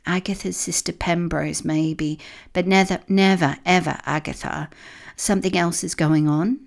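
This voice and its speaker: Storybook echidna, grumpy old female, snappish and scornful, pitched up and loud, as a woman reads her. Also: steady tone, normal speed, gravelly. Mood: urgent.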